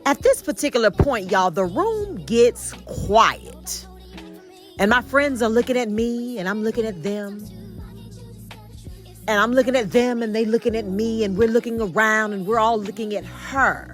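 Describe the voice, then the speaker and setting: A woman home vlogger telling a storytime tale, animated and addressing viewers directly. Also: a little high, measured pace, faint music behind. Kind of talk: storytime vlog.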